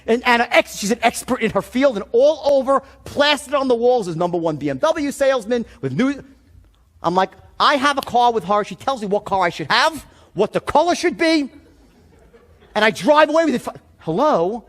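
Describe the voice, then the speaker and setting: A middle-aged man giving a sales seminar, telling stories in an animated, blunt way full of profanity. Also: very high voice, moderate pace. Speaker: sales trainer. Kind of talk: seminar talk.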